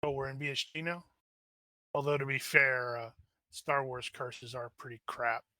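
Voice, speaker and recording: A man with a very bright, tense tone and a dry, close sound plays a tabletop game. He jokes and plans out loud, restarting his sentences as he goes. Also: medium pitch, fairly even intonation, no echo. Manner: quick, joking, trails off in restarts. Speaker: player. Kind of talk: casual tabletop game chat.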